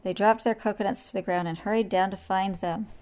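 Gentle woman reading a story. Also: medium pitch, steady tone, a little fast. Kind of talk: reading a children's story aloud.

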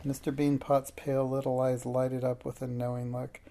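A man narrating a children's storybook in a steady, plain reading voice. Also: mid-range voice, moderate pace.

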